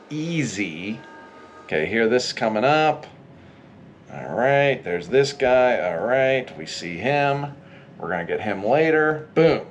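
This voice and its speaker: A man's voice: medium pitch, slight background noise. Chatty man narrating gameplay. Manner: chatty, exasperated, exclaims at failures. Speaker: gameplay walkthrough host. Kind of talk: casual gameplay commentary.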